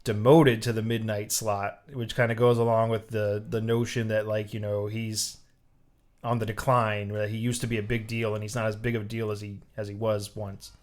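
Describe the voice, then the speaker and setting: A man's voice: lowish voice, moderate pace. A man co-hosting a casual movie review podcast, telling the plot with animation and frequent restarts and fillers. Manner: animated storyteller, lots of "like" and restarts. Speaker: podcast co-host.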